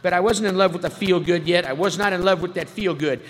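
A man's voice: high voice, fast. A man from California's San Fernando Valley, sharing his life story at a recovery meeting with wisecracks and acted-out voices. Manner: wisecracking, acts out quoted voices. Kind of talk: humorous personal storytelling. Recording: reverberant hall, faint background noise.

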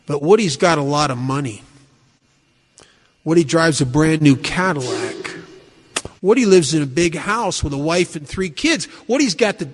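Guy w a high voice giving his testimony to a room, blunt and self-mocking, long hall echo. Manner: blunt, self-mocking storyteller with rhetorical questions. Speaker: speaker sharing his story at a recovery meeting. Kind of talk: personal testimony talk to a live group. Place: meeting room with an audience.

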